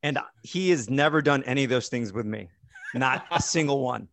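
A man co-hosting a podcast, teasing the others in a dry, deadpan manner. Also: mid-range voice, moderate pace. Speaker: podcast co-host. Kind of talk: casual chat.

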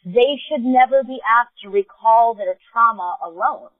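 A woman's voice: on the high side, unhurried, no room sound. A woman with a New York accent, a guest speaking earnestly and emphatically in a podcast interview. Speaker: guest, advocacy organization co-founder. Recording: tinny phone line.

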